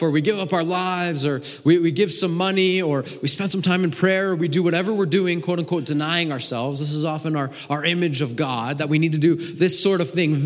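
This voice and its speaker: A man in his thirties preaching a sermon, earnest, swinging between emphatic stretches and hushed ones, often repeating a word as he restarts. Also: on the high side. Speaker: pastor. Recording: long reverb of a large hall.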